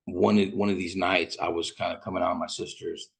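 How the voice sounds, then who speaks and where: Low husky fresno guy rambling through a street story, lots of cussing. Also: flat delivery, brisk. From Fresno, California. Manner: profane street slang, rambling. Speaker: podcast host. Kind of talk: casual storytelling.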